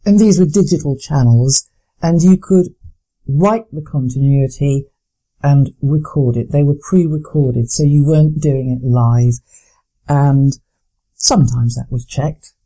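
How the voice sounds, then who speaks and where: Middle-aged woman, former announcer, polished speech, very mellow dark tone, measured delivery. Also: deep voice, low-quality recording. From Lancashire, England. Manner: measured, articulate, hesitant restarts. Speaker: former continuity announcer, guest. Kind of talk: interview answers.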